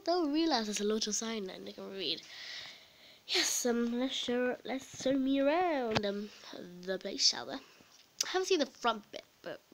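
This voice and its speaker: A woman's voice: on the high side, a little hiss or hum, low-quality recording. A woman chatting casually and rambling as she narrates her own game role-play. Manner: chatty, rambling, with many restarts.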